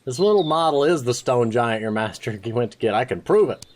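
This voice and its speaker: A man's voice: medium pitch, lively intonation, fairly quick. A man casually commenting as he plays a fantasy game, joking and talking to the characters. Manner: playful, chatty, talks to the game characters. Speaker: let's play host.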